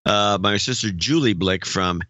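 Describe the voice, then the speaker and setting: A man's voice: lowish voice, measured pace, sharp tone, dry recording. A man co-hosting a podcast, reading listener notes aloud with dry, wry asides. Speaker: podcast co-host. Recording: dull lo-fi dry sound.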